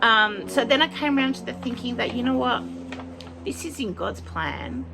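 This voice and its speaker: A woman's voice: on the high side, lively intonation, moderate pace, vocal fry, music in the background, low-quality recording. A woman, chatting heartfelt about her year in a personal vlog. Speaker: vlogger. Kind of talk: personal year-in-review chat.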